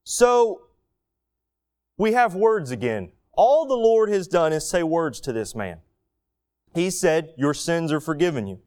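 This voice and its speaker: Lively, animated male preacher. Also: on the high side, a little slow, smooth. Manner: vivid storytelling, acting out inner thoughts. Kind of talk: expository sermon.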